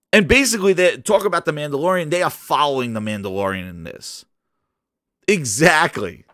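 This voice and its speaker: A man's voice: on the high side, no room sound, clean studio sound. A man hosting a gaming channel, ranting in casual livestream commentary and chatting with his viewers. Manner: animated, ranting, chats with viewers.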